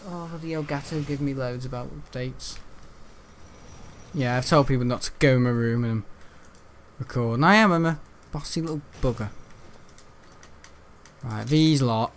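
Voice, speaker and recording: A man's voice: mid-range voice, moderate pace, pauses often, a little hiss or hum. A young British man at home in his bedroom, rambling through casual gaming commentary, joking, swearing freely and laughing often. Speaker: gaming video host.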